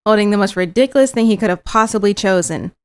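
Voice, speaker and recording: A woman's voice: mid-range voice, fast talker, a little mellow, smooth, dry recording. A young woman streamer reading a visual novel aloud and breaking off into giggly, teasing asides.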